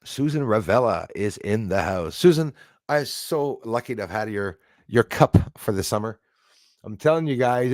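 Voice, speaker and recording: A middle-aged man hosting a casual live stream, excitable, thanking viewers by name and swearing when angry. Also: lowish voice, dry recording, studio quality.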